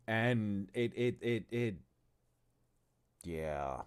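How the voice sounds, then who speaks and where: A man with a very deep, low-pitched voice talks casually on a livestream about his tabletop game. He rambles, swears freely and trips over his words as he answers chat. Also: slow pace, clear, resonant tone. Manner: rambling and profane, with stumbles and asides to chat. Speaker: game designer presenting his tabletop game on stream.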